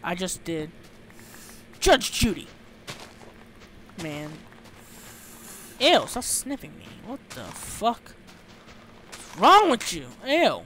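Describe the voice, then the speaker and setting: A young man giving excitable, sweary commentary over his own gameplay, often shouting when startled. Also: high-pitched, takes it slowly, long pauses, a little hiss or hum. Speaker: let's play host.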